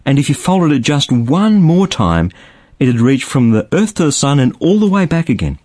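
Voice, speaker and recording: A man's voice: a little high, sing-song, moderate pace, darkish tone. A man giving a short scripted radio devotional, telling it like a story and building to each point with rising emphasis.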